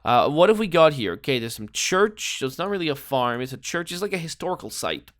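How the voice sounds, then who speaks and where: A man's voice: fairly high pitch, big pitch swings, a little fast, fairly bright tone, dry recording, studio quality. A man giving casual, rambling commentary while playing a guessing game, joking and thinking aloud. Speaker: gameplay commentator.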